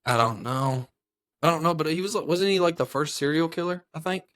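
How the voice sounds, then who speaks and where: A man's voice: a little high, brisk, fairly bright tone, no echo. Rambling, laughing young man in a dry studio. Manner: rambling storyteller, laughs often, slips into silly voices. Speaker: podcast co-host. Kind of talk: casual chat.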